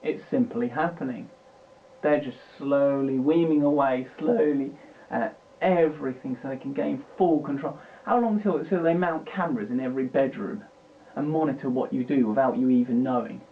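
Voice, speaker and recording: This is an improvised political rant from a British vlogger recording at home on his computer. He swears and rambles in agitation, speaking at a normal speed in a mid-range voice, and the tinny lo-fi mic picks up a faint hiss.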